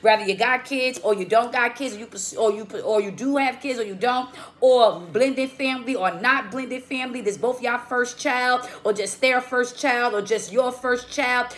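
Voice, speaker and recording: A woman's voice: on the high side, normal speed. A woman giving a casual tarot reading in a slangy, profane, emphatic way, often checking in with "okay?". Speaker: tarot reader.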